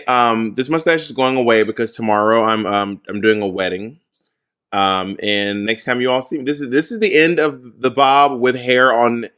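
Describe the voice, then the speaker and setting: A man co-hosting a podcast in casual sibling banter, chatty and self-deprecating, with a slightly raspy voice after throat surgery. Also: medium pitch. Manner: chatty, self-deprecating, drops softer when talking about his voice. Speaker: podcast co-host.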